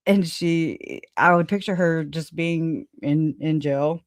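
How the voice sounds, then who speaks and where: A woman's voice: low-pitched, slow pace, dry recording, clean studio sound. Rambling woman livestream host, laughing. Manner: rambling, laughs often, swears casually. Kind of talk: casual livestream chat.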